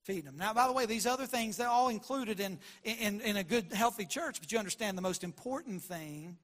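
A man preaching a sermon as a pastor, passionate, moving between hushed and loud delivery. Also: sits high, brisk. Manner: passionate, shifts from quiet to loud.

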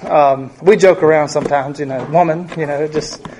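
A man's voice: a little high, a little fast, a little mellow, slight background noise. A middle-aged man teaching a Bible study in a conversational way, often asking his group questions.

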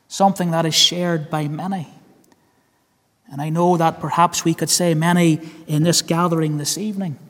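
A man with a Northern Irish accent preaching a sermon, earnest, repeating key phrases and calling listeners friend. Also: a little high. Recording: long hall reverb.

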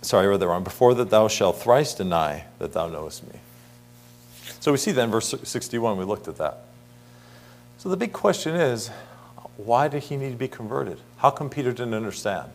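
A man's voice: on the low side, lively intonation, normal speed. A middle-aged man preaching an earnest Bible sermon, asking the congregation rhetorical questions and reading scripture aloud.

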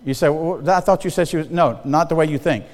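A man's voice: fairly high pitch, quick pace, a little mellow. Folksy preaching man in a reverberant hall. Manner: folksy, conversational, checks in with the congregation. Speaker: pastor. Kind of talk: sermon.

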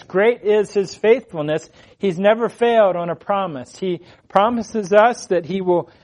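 A man's voice: sits high, darkish tone. A man preaching a sermon as pastor, earnest, repeating key phrases and putting questions to the congregation.

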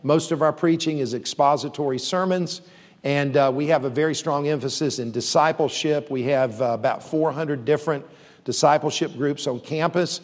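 A man's voice: on the high side, normal speed. A man who leads a university, speaking earnestly and steadily to a church audience, with frequent fillers and restarts. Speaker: university leader. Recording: long reverb.

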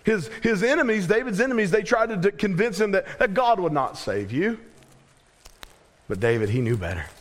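A man preaching from the pulpit with an earnest, pleading delivery, slowing down and sinking his voice on the words he wants to land. His voice sits a little high for a man. The sound carries the long reverb of a church hall. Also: very animated. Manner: earnest preaching, voice dropping low and slow on key words. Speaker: pastor. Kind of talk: sermon.

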